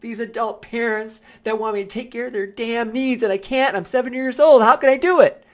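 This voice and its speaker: A scared little boy pleads for care in a high, strained voice, overwhelmed and unsure what comes next, as a man puts on his inner child. He sounds small and anxious, lifted well above a grown man's speaking voice. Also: fairly even intonation, fairly quick.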